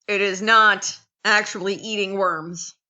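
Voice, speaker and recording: An American woman teaching a class in a casual, chatty way, pausing and restarting her sentences. She speaks slowly in a bright, forceful voice. The recording sounds somewhat dull and lo-fi. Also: medium pitch, steady tone. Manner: chatty, acts out quotes, many restarts.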